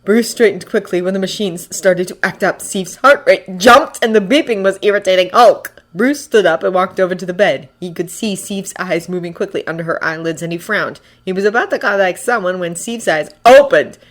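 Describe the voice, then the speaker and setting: A fanfiction audiobook narrator with a mid-pitched, even voice. The reading is steady and plain, telling the story line by line. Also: normal speed, hardly any pauses. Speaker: fanfiction reader.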